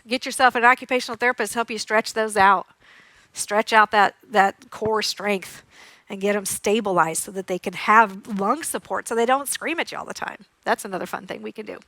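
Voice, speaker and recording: A woman occupational therapist giving a lively, demonstrative conference talk, acting out sounds and giggling as she teaches. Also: fairly high pitch, fairly quick, no room sound. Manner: giggles often while teaching. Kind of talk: live conference presentation.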